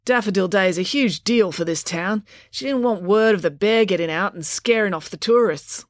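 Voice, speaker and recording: A woman's voice: medium pitch, moderate pace, dry recording, clean studio sound, natural voice. Lady playing a flustered country constable, evasive and fidgety, kids' story read-aloud. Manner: flustered and defensive. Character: nervous, evasive small-town policeman.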